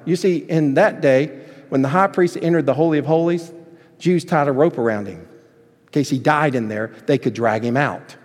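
Animated preacher man in a reverberant hall. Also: fairly high pitch, normal speed. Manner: animated storytelling, acting out voices. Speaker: pastor. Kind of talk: sermon.

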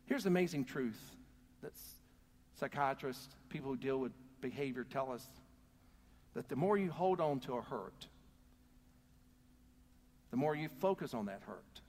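A man with a medium-pitched, slightly mellow voice preaches as pastor in a church, earnestly calling out for the congregation's responses. The recording carries a long hall reverb.

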